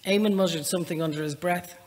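An Irish woman with a faint northern lilt, speaking as an author at a live library event. She chats in a self-deprecating way, then reads aloud from her novel at an even, measured pace. Her voice trails off into a long hall reverb. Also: lowish voice. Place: public library event space, indoors.

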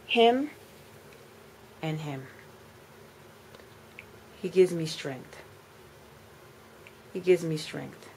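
A woman's voice: animated, drawn-out words, long pauses, a little hiss or hum, poor audio. Indignant New mother ranting. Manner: indignant, repeats phrases for emphasis, swings from loud outbursts to low, weary lines. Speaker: mother making a video complaint. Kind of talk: emotional rant to camera.

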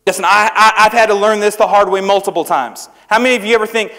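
A man's voice: sits high, quick pace, sharp tone. A young man preaching to students in a church, in a conversational, humorous manner, often asking the crowd questions. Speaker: youth preacher. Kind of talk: sermon to students. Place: church hall. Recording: echoey hall with long reverb.

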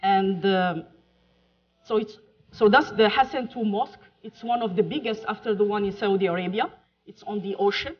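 Woman, Moroccan French accent, conference keynote, chatty, joking, filler words, mid pitch, dull lo-fi recording. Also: breathy edge. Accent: Moroccan French-accented English. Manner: chatty, jokey, pauses with fillers. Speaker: keynote speaker. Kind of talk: conference talk with slides. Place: lecture hall. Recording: muffled lo-fi talk recording.

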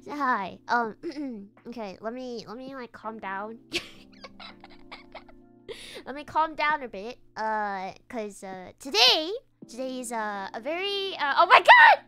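A woman hosting a palm reading livestream in casual chat. She is nervous and giggly, rambles with many fillers, and breaks into excited squeals. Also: fairly high pitch, slow pace, music in the background.

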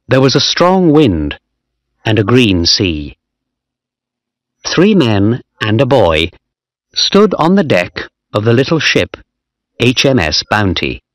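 A man narrating a storybook in a slow, clear reading voice. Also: medium pitch, no echo, clean studio sound.

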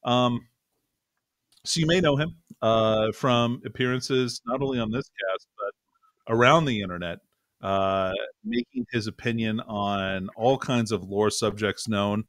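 A man's voice: on the low side, animated, unhurried, fairly bright tone, no echo. A man co-hosting a gaming podcast, talking casually in a sarcastic, wry way. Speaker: podcast co-host. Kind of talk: casual chat.

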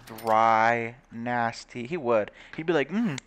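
A man's voice: medium pitch, expressive, moderate pace, a bit bright. A young man chatting casually and bluntly while he plays a life-sim game, with frequent swearing. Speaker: gaming channel host. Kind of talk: casual gameplay commentary.

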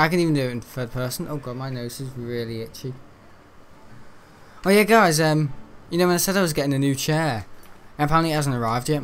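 A man's voice: mid-range voice, slight background noise. A young man, rambling and joking casually while playing a video game. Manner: rambling, chatty and jokey, laughs at own jokes. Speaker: gaming channel host. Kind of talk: casual let's-play commentary.

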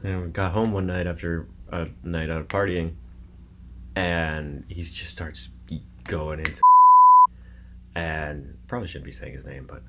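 A man's voice: sits low, steady tone, measured pace, pauses often, very noisy. A man playing a video game with a friend, telling stories and swearing casually as he plays. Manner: swears a lot, tells stories while playing. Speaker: gaming co-host. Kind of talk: casual let's-play banter.

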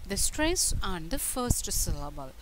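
Slow, deliberate woman pronunciation tutor. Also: lowish voice, very animated, background noise. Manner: slow, deliberate word-by-word delivery. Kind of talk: scripted pronunciation lesson.

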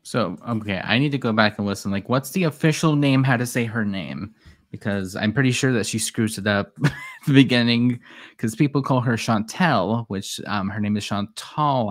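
A man's voice: lowish voice, a little fast. A man giving sarcastic, exasperated commentary while reacting to a livestream. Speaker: reaction streamer.

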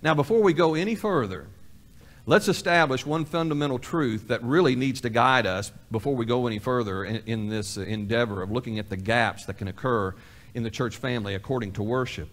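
A man's voice: medium pitch, a little fast, a bit bright. A male pastor delivering a sermon in a folksy way, repeating key phrases for emphasis and acting out imagined conversations. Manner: acts out both sides of imagined dialogues. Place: church sanctuary.

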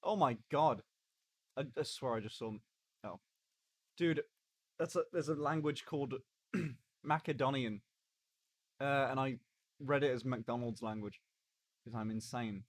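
A man's voice: medium pitch, a little slow, long pauses, dry recording, clean studio sound. A man streaming live in casual chat, joking, swearing and eating on camera. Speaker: livestreamer.

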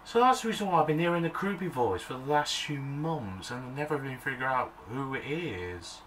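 A man's voice: mid-range voice, fairly quick. A man vlogging in a casual, rambling way, talking straight to the camera and getting worked up as he walks outdoors near trees. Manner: rambling, excitable, talks to the camera. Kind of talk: casual vlog chat. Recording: loud outdoor noise behind.

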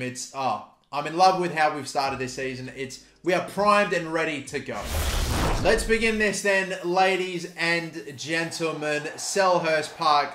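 A young Australian man giving gameplay commentary, excitable, swearing and shouting at big moments. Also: on the high side. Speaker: gaming YouTuber. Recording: echoey room with faint noise.

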